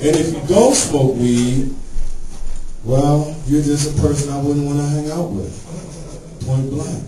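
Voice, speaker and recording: Male stand-up comic, raunchy storyteller, slightly high voice, roomy club sound with faint ambience. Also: fairly even intonation, a little slow, mellow, distant mic, slight background noise. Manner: profane storytelling, acts out characters in high voices. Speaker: stand-up comedian. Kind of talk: stand-up set. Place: comedy club stage.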